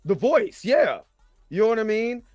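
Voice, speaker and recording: A man's voice: high voice, big pitch swings, normal speed, a little mellow, no room sound, studio quality, faint music behind. A man hosting a casual chat, rambling and often asking "you know what I'm saying". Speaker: host.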